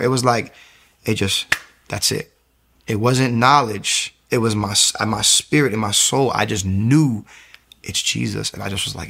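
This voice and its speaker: A young man giving an emotional personal testimony as an interview guest, telling his story in an animated way and repeating phrases for emphasis. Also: fairly low pitch, vocal fry, husky.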